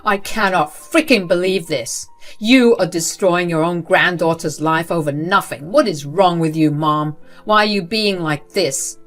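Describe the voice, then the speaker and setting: A woman voicing a middle-aged father who confronts his mother, reading his lines with indignant, raised emphasis over soft music. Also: fairly low pitch, expressive, moderate pace, natural voice. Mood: outraged.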